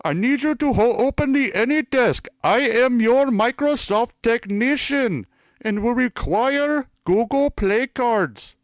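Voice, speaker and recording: A man voicing a bossy fake tech-support scammer with a put-on Indian accent, yelling orders and insults. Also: extremely high pitch, animated, slow, no echo, clean studio sound, pitched above the performer's own voice, full character voice. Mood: shouting bossy.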